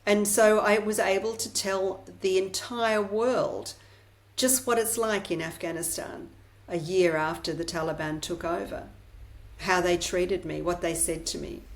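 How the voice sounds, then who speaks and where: A woman's voice: on the low side, steady tone, unhurried. A middle-aged woman journalist, a guest on an interview podcast, telling her story in a candid, forthright way.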